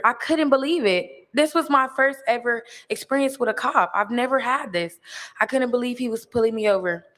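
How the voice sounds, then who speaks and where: Teen girl, student speaker, earnest and halting, high-ish voice, big reverberant hall. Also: fairly bright tone. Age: teens. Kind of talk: personal testimony.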